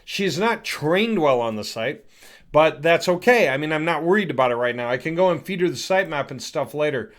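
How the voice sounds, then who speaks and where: A man hosting a casual software demo, chatty and thinking aloud as he clicks through. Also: a little high, expressive, a little fast. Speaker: host demonstrating software. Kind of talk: casual screen-recorded product demo.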